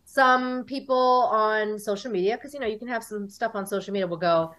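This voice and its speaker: A woman's voice: medium pitch, fairly quick. A woman, a guest in a casual interview, telling stories and acting out what people said to her. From United States. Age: 40s. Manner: animated storyteller, acts out dialogue.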